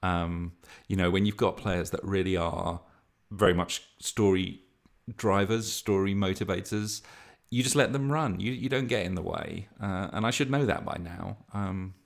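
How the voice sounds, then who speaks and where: A man's voice: deep voice, normal speed, vocal fry. A man hosting his own podcast, talking casually and at length as a game master, rambling and poking fun at himself. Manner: rambling, self-deprecating, chuckling. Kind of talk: casual solo podcast talk.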